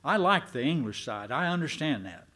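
A man's voice: fairly high pitch, sing-song, normal speed, sharp tone. A man preaching a sermon, folksy and self-deprecating with his congregation. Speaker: pastor.

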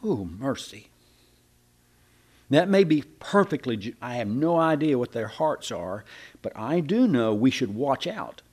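A man's voice: medium pitch, very animated, a little slow, darkish tone, slightly rough. A man preaching a sermon in a folksy, conversational way, often repeating and restarting his words.

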